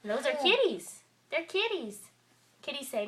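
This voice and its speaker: A mother reading a picture book aloud to her baby at home, slow and coaxing in a sing-song way. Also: a little high, big pitch swings, sharp tone. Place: at home, indoors.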